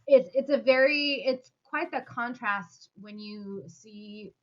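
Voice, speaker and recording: A woman's voice: a little high, slow, dull audio. A woman co-hosting a casual podcast, speaking thoughtfully with some hesitation. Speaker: podcast co-host.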